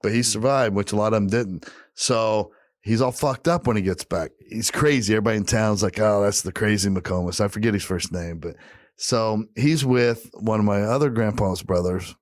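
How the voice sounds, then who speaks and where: A man's voice: lowish voice, normal speed, no echo, studio quality. A man hosting a podcast, telling a family story casually, swearing freely and acting out the people in it. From Eastern Kentucky family roots. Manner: profane, animated, acts out quoted voices. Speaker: podcast host.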